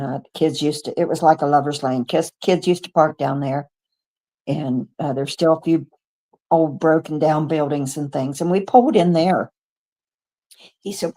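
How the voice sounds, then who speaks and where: This low-pitched American woman, in her seventies, is a guest witness recounting her own experience on a radio show. She's a lively storyteller who performs the dialogue she quotes, though she trips over words and starts again now and then, all recorded in a radio studio.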